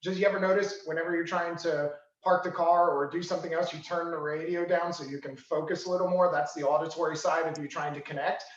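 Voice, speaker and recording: Fairly high-voiced male co-trainer, roomy audio. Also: fairly even intonation, quick pace, hardly any pauses. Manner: explanatory, builds on the lead trainer's points. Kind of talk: training session over video call. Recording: roomy muffled lo-fi call audio.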